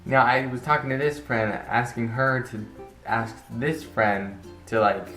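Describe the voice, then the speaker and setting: A man's voice: medium pitch, steady tone, a little slow, fairly bright tone. A teenage man telling an embarrassing story to camera in a rambling, casual way, restarting sentences and acting out the quotes. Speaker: vlogger. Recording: roomy echo with faint guitar music.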